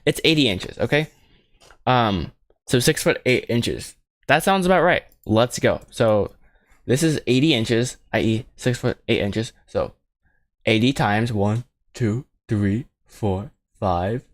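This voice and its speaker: A man's voice: mid-range voice, animated, takes it slowly, no room sound, studio quality. A man talking casually while he works at a computer, rambling and joking at his own expense. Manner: rambling, self-mocking, jokey asides to himself. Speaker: animator streaming his film work. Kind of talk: casual thinking-aloud commentary while modeling.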